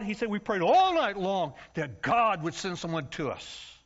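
Animated high-voiced preacher man. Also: normal speed, hardly any pauses. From United States. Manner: animated, acts out voices and yells for comic effect. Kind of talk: storytelling sermon. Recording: dull lo-fi sound.

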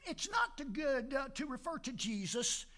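A man's voice: very high voice, very animated, moderate pace, bright, forceful tone. An older man preaching a folksy sermon in a church, joking with the congregation and calling out amen between Scripture readings and prayer. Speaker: pastor. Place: church sanctuary.

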